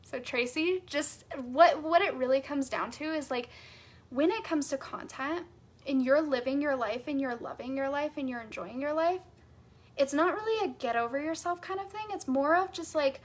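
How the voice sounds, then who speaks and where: A woman's voice: sits high, moderate pace. A woman coach teaching a live masterclass, enthusiastic and emphatic, repeating phrases for stress with casual fillers. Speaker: sales and human design coach.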